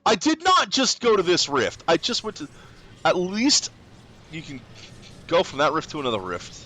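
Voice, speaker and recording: A man streaming a game, chatting casually and excitably as he plays. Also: on the high side, moderate pace. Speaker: gaming streamer.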